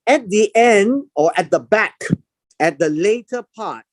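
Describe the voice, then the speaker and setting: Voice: mid-range voice, animated, a little slow, no room sound. A Bible teacher giving a verse-by-verse lesson, explaining word meanings and repeating key words for emphasis.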